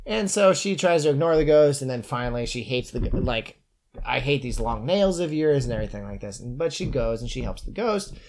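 A podcast host chatting casually as he recaps a book, animated and joking with quick asides. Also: mid-range voice, background noise.

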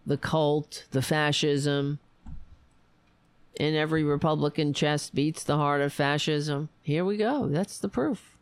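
A woman hosting a political livestream, hoarse and raspy after a long show, reading headlines and commenting in a wry, meandering way. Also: sits low, unhurried, dry recording. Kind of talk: casual opinionated commentary.

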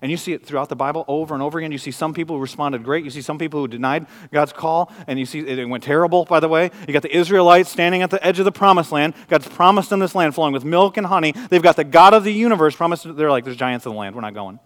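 A man in his thirties, a pastor, preaching a sermon with lively storytelling and acted-out quotes. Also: a little high, fast, few pauses. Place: church sanctuary. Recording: long church hall reverb.

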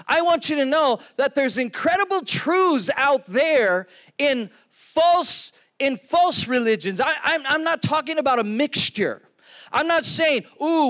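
A man preaching a sermon, telling stories with lively acted-out quotes. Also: very high-pitched. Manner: animated storytelling with acted-out quotes.

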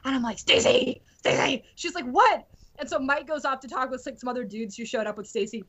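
A woman with a high voice tells a story in casual podcast chat. She is animated and acts out what people said. The sound is muffled and lo-fi. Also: quick pace. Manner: animated, acts out quotes, laughs often.

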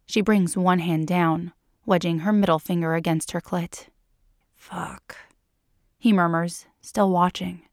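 A woman narrating a story for a podcast in a calm, unhurried reading voice. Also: on the low side, dry recording, clean studio sound.

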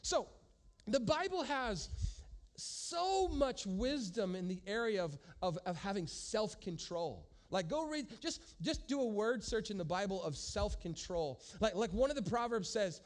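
A pastor preaching a sermon to a congregation, speaking emphatically and addressing the listeners directly. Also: male voice, sits high, big pitch swings, a little slow. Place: church service with a congregation.

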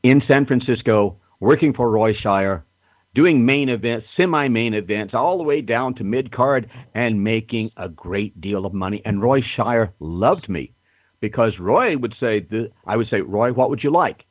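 An older man telling stories in a casual interview, self-assured and animated, acting out other people's lines. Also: medium pitch, measured pace, dry recording. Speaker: guest storyteller. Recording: muffled phone-line audio.

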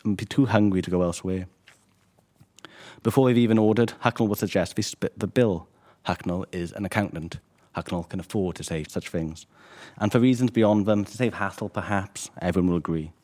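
Man, author, low voice, measured wry reading. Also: a little mellow. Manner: measured, wry, hesitant when answering. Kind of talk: reading his own fiction, then interview answers.

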